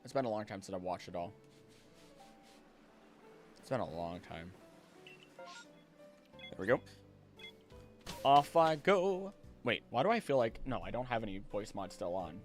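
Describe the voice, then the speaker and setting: A man's voice: on the low side, a little fast, pauses often, faint music behind. A man who streams and does voice acting, chatting casually with his viewers and reading their comments aloud in a jokey way. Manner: animated, jokey, reads chat aloud. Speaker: streamer and voice actor. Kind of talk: casual livestream chat.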